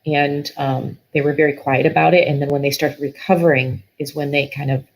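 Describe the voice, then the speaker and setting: A woman's voice: sits low, level tone, fairly quick, a little hiss or hum, low-quality recording. A middle-aged woman guest telling a personal story in an earnest, emotional way, often restarting her sentences.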